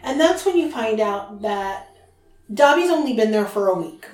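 A woman hosting a podcast, casually retelling a book chapter in chatty, animated fashion. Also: on the high side, normal speed, faint music behind. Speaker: podcast host. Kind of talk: casual book recap chat. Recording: roomy, distant from mic.

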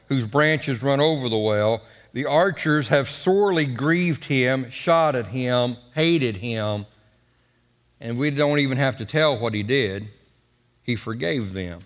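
A man's voice: medium pitch, big-room sound. A man preaching a sermon, leading call-and-response and drawing out his phrases for drama. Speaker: pastor.

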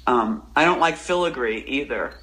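A woman poet talks as a guest in a casual interview. Her tone is bright and sharp, and she rambles and interrupts herself with animated energy. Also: extremely low pitch, moderate pace, slight background noise, poor audio.

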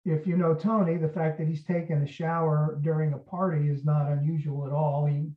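A man's voice: fairly high pitch, a little fast. Man telling a story from far off. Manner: animated, acts out quotes. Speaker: actor, guest. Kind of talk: storytelling in an interview. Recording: roomy, distant, dull sound.

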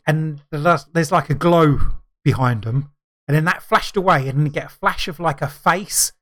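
A middle-aged man co-hosting a podcast in casual chat. His voice sits a little high, and he rambles with many fillers and restarts. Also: fairly bright tone. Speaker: podcast co-host.

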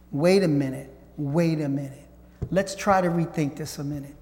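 Animated preacher man in a reverberant hall. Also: a little high, moderate pace. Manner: animated, swings between loud and hushed; conversational, addresses listeners as guys. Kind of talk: sermon, Bible teaching.

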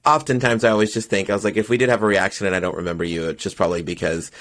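A young man hosting a casual podcast chat, animated and acting out quoted lines in a higher voice. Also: very fast. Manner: animated storyteller, acts out quotes in high voices. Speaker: podcast host, drag performer.

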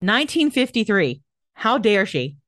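A woman's voice: medium pitch, big pitch swings, moderate pace, a bit bright, no echo, studio quality. A young adult woman co-hosting a podcast, casually retelling history and leading the story with frequent "um" and "I mean". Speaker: podcast co-host.

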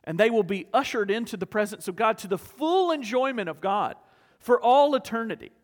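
Pastor, male, fairly high voice, earnest storytelling sermon in an echoing sanctuary. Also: sing-song, a little fast. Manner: storytelling, earnest, rhetorical questions. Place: church sanctuary.

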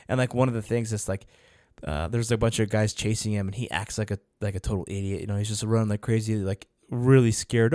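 A man's voice: on the low side, a little fast, a little mellow, no room sound, studio quality. A man co-hosting a podcast in casual chat, peppering his talk with "like". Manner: chatty, heavy use of "like". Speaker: podcast co-host.

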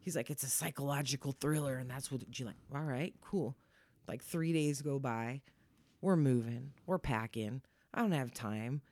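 A woman's voice: extremely low pitch, normal speed, a little mellow, dry recording. A woman in her forties co-hosting a podcast in casual chat, upbeat, laughing often and acting out quoted lines. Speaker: podcast co-host.

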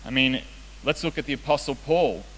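A man's voice: medium pitch, moderate pace, fairly bright tone. A young man preaching a casual, joking sermon as a youth pastor. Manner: casual, joking, self-deprecating. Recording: reverberant hall with faint hiss.

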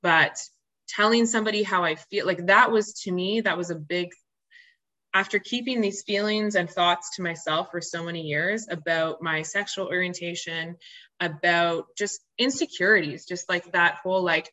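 A woman's voice: on the low side, moderate pace, sharp tone, poor audio. A woman who is a podcast guest, telling her personal story openly and earnestly, with many fillers and restarts. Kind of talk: candid personal storytelling in interview.

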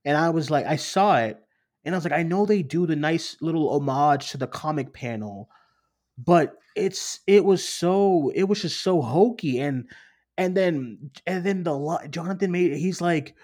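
A man hosting a casual movie discussion, rambling and animated, often acting out what others said. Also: fairly high pitch, normal speed. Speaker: podcast host.

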